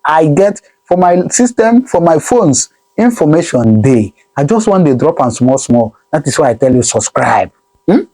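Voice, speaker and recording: A man with a Nigerian accent giving animated casual commentary to camera, repeating phrases and mixing pidgin with English. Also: fairly high pitch, moderate pace. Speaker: vlogger.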